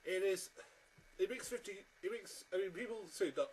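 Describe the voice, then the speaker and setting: A man's voice: high voice, animated, moderate pace, a little mellow, slight background noise, low-quality recording. A man giving a blunt, exasperated film review, often restarting his sentences. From Britain. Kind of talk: casual ranting review.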